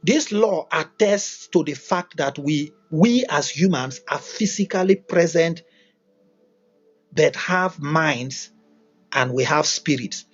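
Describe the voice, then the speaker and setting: A man's voice: on the high side, expressive, slow pace, slightly rough, soft background music. A man giving a livestreamed motivational talk, emphatic and repetitive, asking lots of rhetorical questions. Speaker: motivational teacher. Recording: dull lo-fi recording.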